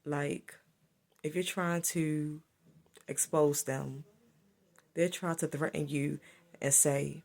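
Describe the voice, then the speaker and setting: A woman's voice: low voice, fairly even intonation, takes it slowly, gravelly, pauses often, a little mellow. A woman giving a solo spiritual monologue to camera, repetitive and emphatic as she accuses. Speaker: spiritual vlogger.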